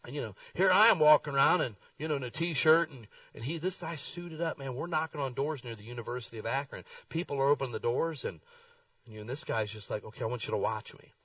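Folksy preacher, dry and off-mic. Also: male voice, fast, dry recording, far from the mic, low-quality recording. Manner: folksy storytelling with lively swings in pitch. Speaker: pastor. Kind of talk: sermon. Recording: dry sound, speaker away from the mic.

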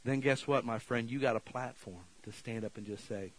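A man preaching a sermon as pastor, folksy and casual, swinging between fired-up exhortation and quiet prayer. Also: medium pitch, normal speed, a little hiss or hum, low-quality recording. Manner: animated, rising to shouted exhortations, then quiet prayer. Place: church sanctuary.

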